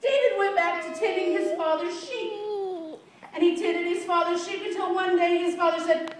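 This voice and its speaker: A woman's voice: extremely high pitch, moderate pace. A woman teaching children a Bible story, playful, asking them questions and laughing often. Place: church room with children. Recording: echoey room, mic far off, faint noise.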